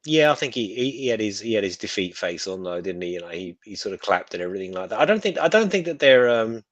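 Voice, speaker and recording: A man's voice: on the low side, sing-song, fast, no room sound, highs cut off. A man co-hosting a casual live stream, speaking bluntly and offhandedly, with restarts. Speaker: co-host.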